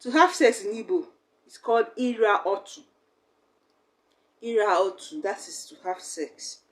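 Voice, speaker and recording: A woman's voice: medium pitch, animated, unhurried. A young woman, teaching a language lesson in a chatty, explaining way. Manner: chatty, acts out little quoted exchanges.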